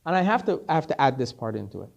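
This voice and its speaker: A rabbi teaching a class, a man telling a story in an animated way and acting out each character, repeating words as he gets excited. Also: mid-range voice, rapid-fire, gravelly. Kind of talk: storytelling Torah lesson.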